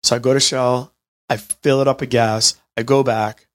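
A man in his late twenties telling a personal story in an animated, chatty way, talking straight to his listeners. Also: medium pitch, normal speed. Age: 20s. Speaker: healthcare business owner. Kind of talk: storytelling monologue to an audience.

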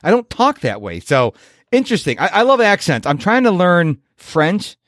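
A man's voice: sits high, wildly swooping pitch, moderate pace, fairly bright tone, dry recording, studio quality. A man from Rochester, New York, hosting an interview show in a chatty, self-deprecating way. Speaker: podcast host. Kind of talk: casual interview chat.

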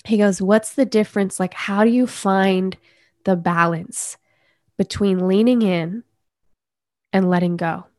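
A woman coach speaking as a podcast guest, earnest and measured as she talks about inner healing. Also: medium pitch, fairly even intonation, darkish tone, dry recording, clean studio sound. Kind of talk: reflective conversational interview.

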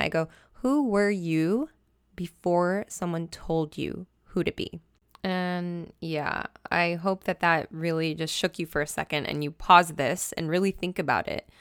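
A woman who hosts a wellness podcast and does coaching talks solo and casually into a close mic, enthusiastic, chatty, and emphatic. Her lowish voice has a clean tone with no room sound.

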